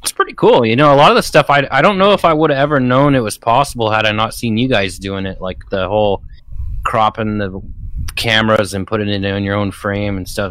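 A man's voice: fairly low pitch, fairly bright tone, clear, resonant tone, dry recording. A man who is a podcast guest, chatting in an easygoing, hesitant way with many fillers. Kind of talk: casual chat.

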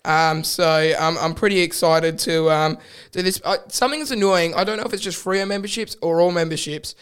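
A man's voice: high-pitched, fairly even intonation, fairly quick, fairly bright tone, smooth. Young Australian man hosting a chat. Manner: rambling storyteller, laughs often. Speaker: podcast host. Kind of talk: casual chat.

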